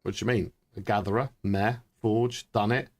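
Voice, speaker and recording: A man, chatting excitably and thinking aloud during live gameplay commentary. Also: fairly low pitch, moderate pace. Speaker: streamer.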